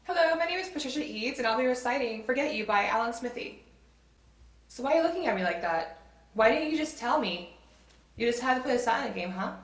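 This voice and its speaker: Young woman, twenties, comic audition piece, a bit high, echoey room. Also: animated, brisk, distant mic. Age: 20s. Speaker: actor in an audition sketch.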